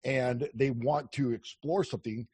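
A man chatting casually as a podcast guest, telling animated stories, acting out quoted lines and swearing freely. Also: medium pitch, a little slow, slightly rough. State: on day four of a fast. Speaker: podcast guest, dating coach. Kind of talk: casual chat.

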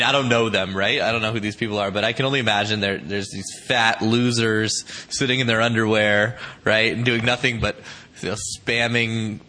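A man's voice: fairly low pitch, sharp tone. A man hosting a podcast, talking candidly and reflectively, swearing casually. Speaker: podcast host. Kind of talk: conversational podcast interview.

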